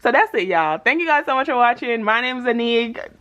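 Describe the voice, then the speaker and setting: A woman's voice: a little high, brisk, muffled recording. A woman vlogging about her budget in a casual, playful chat, telling stories with lots of laughter and slang. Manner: animated storytelling with frequent laughter; playful slangy banter with viewers.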